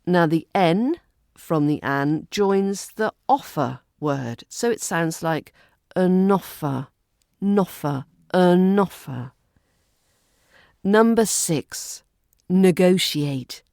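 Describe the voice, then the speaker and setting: A woman with a British accent teaching pronunciation, drilling words and phrases slowly and carefully. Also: low voice, darkish tone, dry recording, clean studio sound. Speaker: accent coach. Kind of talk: pronunciation lesson.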